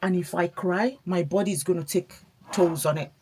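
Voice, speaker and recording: A woman's voice: lowish voice, steady tone, moderate pace, a little mellow, a little hiss or hum. A woman chatting casually while doing her makeup, a mother talking in a reflective, encouraging way. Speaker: beauty vlogger, mother.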